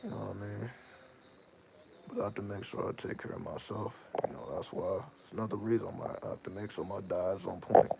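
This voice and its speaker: Low-voiced man, rambling and slangy, a host speaking off the cuff to viewers; gravelly tone, noisy recording. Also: a little fast. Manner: rambling, self-interrupting, heavy slang. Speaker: channel host. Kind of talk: casual personal monologue to viewers. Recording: steady audible background noise.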